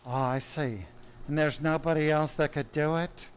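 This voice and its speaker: A man imitating a soft, airy old surgeon. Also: fairly high pitch, steady tone, normal speed, clean tone, close to an everyday voice. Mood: mild, calm. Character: calm, soft-spoken older male senior surgeon.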